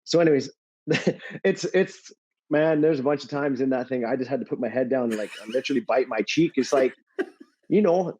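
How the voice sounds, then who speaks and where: A middle-aged man, a former pro athlete, chatting as a podcast guest and telling an animated anecdote, laughing often and swearing now and then. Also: mid-range voice, moderate pace, a little hiss or hum. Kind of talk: casual chat, storytelling. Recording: slightly dull lo-fi audio.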